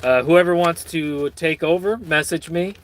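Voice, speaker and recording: A man's voice: fairly high pitch, unhurried. A man hosting his own channel, reading news stories with rambling, sardonic and profane commentary. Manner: rambling, sardonic, swears a lot. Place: lives in Michigan.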